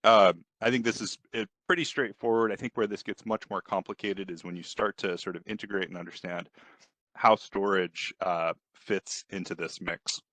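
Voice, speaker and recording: A man giving a technical workshop presentation on a video call, hesitant with fillers, clearing his throat and coughing. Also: low voice, fairly even intonation, normal speed, a bit bright, no room sound. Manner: hesitant, many fillers and restarts.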